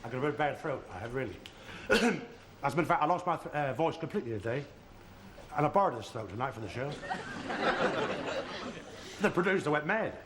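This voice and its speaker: A man's voice: mid-range voice, animated, fairly quick, long pauses, a loud crowd. A man telling bumbling jokes as a comedy host, chuckling at his own lines. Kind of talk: stand-up patter with studio audience. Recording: noisy 1970 TV studio broadcast with loud audience laughter.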